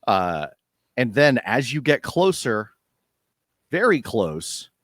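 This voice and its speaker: A man runs a tabletop game as game master, narrating slowly with an animated, swooping pitch. He fills pauses with "uh" as he goes. The sound is dry and close. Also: no echo. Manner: lively, unhurried, many fillers.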